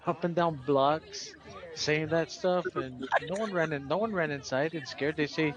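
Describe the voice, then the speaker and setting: A man from California chatting on a livestream, relaxed and agreeable. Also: fairly high pitch, normal speed, muffled recording, crowd noise. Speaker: livestream co-host. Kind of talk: casual chat on a livestream.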